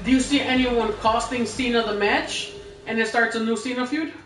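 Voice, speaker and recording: A woman's voice: on the high side, steady tone, moderate pace, distant mic. Chatty woman, off-mic in a roomy space. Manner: chatty, profane storyteller. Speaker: podcast co-host. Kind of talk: casual wrestling chat. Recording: roomy live stream with music, off-mic.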